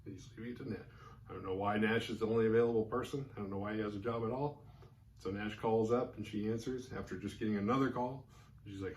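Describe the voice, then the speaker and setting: Casting: male podcast host, lowish voice, loose casual movie recap, acts out the characters' lines. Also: fairly even intonation, quick pace, a little mellow, slight background noise.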